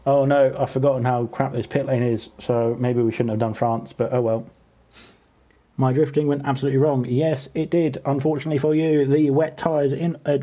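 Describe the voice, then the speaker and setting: A British man with a mid-range voice, heard in lo-fi sound, hosts an online racing league from his home gaming setup. His casual sim-racing commentary is chatty and teasing toward the drivers, livening up when the racing action picks up.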